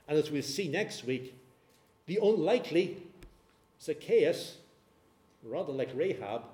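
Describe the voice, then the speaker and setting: Animated preacher man, lively voice, echoey room. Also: fairly high pitch. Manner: animated storytelling, dramatizes scripture. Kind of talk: sermon.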